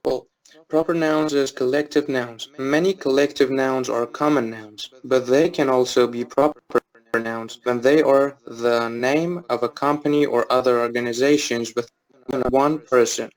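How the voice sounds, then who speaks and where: Male student reader, plain middle voice, steady classroom reading with occasional restarts. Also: mid-range voice, measured pace, poor audio. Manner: reads steadily with small restarts on words.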